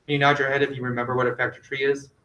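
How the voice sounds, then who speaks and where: A male teacher giving a classroom math lesson, gently directing students and quizzing them with questions. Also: mid-range voice, flat delivery, very fast. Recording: echoey classroom.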